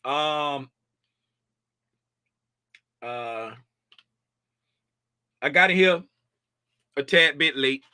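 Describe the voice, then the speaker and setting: A man's voice: fairly high pitch, extremely slow, long pauses, pushed and bright, clean tone, no room sound. A man casually walking through trading charts on his screen, talking in a loose, colloquial way and checking in with "right?" after most points. He sounds tired and a bit draggy. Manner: conversational, repeats "right?" often, colloquial speech. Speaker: futures trading educator.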